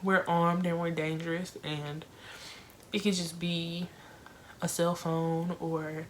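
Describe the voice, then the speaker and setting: A young woman casually reviewing a film for her viewers, talking in an emotional, expressive way with lots of fillers. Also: lowish voice, slow, slight background noise.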